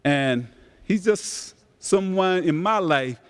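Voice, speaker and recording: An older man, a community center director making relaxed, grateful announcements at a banquet. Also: high-pitched, slow pace, smooth. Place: banquet hall.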